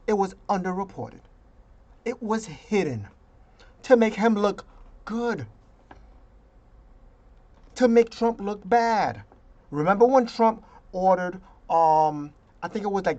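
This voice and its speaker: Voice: medium pitch, lively intonation, measured pace, pauses often, darkish tone. A vlogger delivering an emphatic, indignant political rant and slipping into mocking voices now and then.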